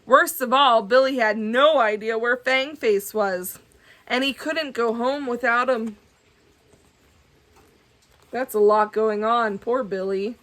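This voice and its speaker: A woman reading a children's book aloud, adding gentle, chatty asides for kids. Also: a little high, slow, long pauses. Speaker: storybook reader.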